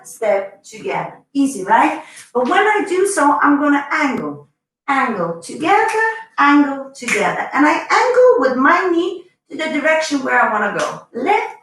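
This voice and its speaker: A woman's voice: fairly high pitch, fairly bright tone, reverberant, poor audio. A woman teaching a live online dance lesson, chatty and bubbly, counting the beats aloud as she goes. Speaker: dance instructor.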